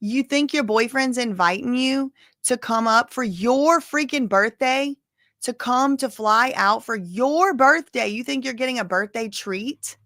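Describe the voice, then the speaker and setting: A woman's voice: on the high side, unhurried, fairly bright tone, no echo, studio quality. A woman casually commenting on a live trial, chatty and opinionated, often saying "like" and "y'all".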